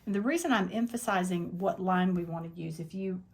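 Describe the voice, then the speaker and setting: A woman with a gravelly, fairly low voice walks through a quilting design one step at a time. She talks plainly and practically, thinking aloud as she works. She sounds like she is in her quilting workspace at the machine. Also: a little fast. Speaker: quilting teacher. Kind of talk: step-by-step tutorial.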